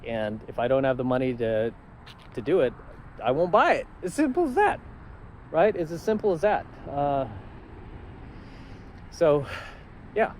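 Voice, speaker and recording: A man's voice: on the high side, very animated, unhurried, pauses often, a little mellow, a little hiss or hum, poor audio. Confident, laid-back male vlogger. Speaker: channel host. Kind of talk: casual vlog storytelling.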